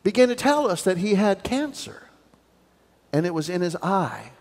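A pastor with a strikingly high, bouncy voice preaches a sermon, animated and full of storytelling. His words ring out with a long reverb through a church sanctuary. He acts out the voices in his stories as he goes. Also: normal speed.

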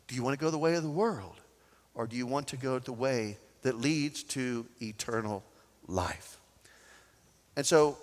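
A man preaching a sermon as pastor, swinging from loud to soft. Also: medium pitch, in a large hall.

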